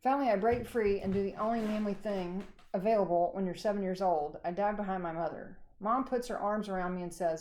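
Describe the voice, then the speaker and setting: A woman teacher reading a chapter book aloud to her class, unhurried and friendly. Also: medium pitch, a little mellow.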